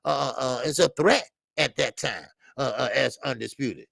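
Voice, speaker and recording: A man's voice: mid-range voice, normal speed, creaky, dry recording. A man hosting a live boxing stream, talking bluntly and repetitively to his chat, often swearing. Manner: blunt, repetitive, animated, profane. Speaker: boxing show host.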